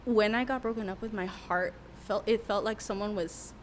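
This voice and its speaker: A young adult woman, a worship leader appearing as a podcast guest, tells a candid, emotional story full of fillers in a casual interview. Her voice is medium-pitched at a normal speed, with a little hiss or hum on the recording.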